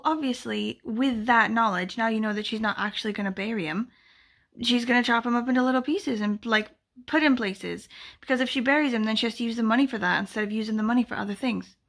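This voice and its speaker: Woman book vlogger, high-ish gravelly voice, rambling casual chat at home. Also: brisk. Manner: chatty, rambling, full of "like" and "blah, blah, blah". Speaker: book vlogger, readathon co-host.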